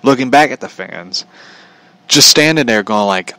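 A man's voice: mid-range voice, lively intonation, moderate pace, bright, forceful tone, poor audio. A man giving a casual, sarcastic rant about wrestling, laughing often as he talks. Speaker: commentator.

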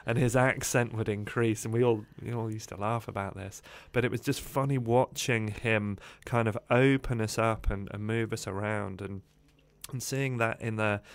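A man with a low, smooth and clear voice tells his life story as a podcast guest. He talks in an animated, rambling way and fills his pauses with frequent "uh"s.

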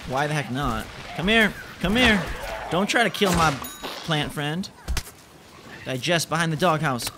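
A young man giving excitable let's-play commentary as a gaming channel host, exclaiming and repeating himself. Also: on the high side. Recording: noticeable background noise.

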